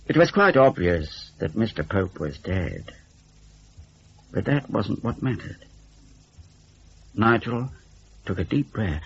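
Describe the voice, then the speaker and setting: A man with a husky voice narrating a horror story in an expressive storytelling style. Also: on the low side, moderate pace, highs cut off. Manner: expressive, varied storytelling delivery.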